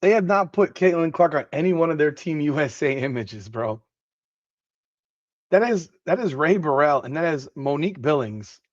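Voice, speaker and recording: A man's voice: on the high side, animated, moderate pace, dry recording, muffled recording. A man hosting a casual livestream podcast, talking bluntly with lots of swearing and repeating himself as he reacts. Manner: greets chat viewers by name. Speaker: podcast host.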